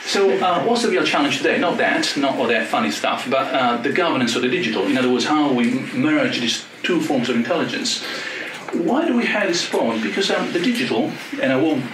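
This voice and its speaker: Animated joking man in an echoey hall. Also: medium pitch, noisy background. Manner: joking, animated, quick asides. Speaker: panel speaker. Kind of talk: academic talk. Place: lecture hall. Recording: echoey lecture hall from far off.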